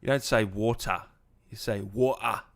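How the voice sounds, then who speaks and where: A man hosting a live-stream gaming interview, chatty, excitable and informal, talking over a video call. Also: mid-range voice, moderate pace. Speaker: gaming show host. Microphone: home microphone on a video call.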